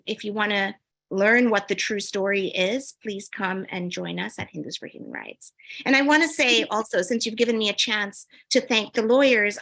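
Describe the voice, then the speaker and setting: A woman giving earnest, measured remarks as a panelist at a briefing. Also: a little high, bright, forceful tone.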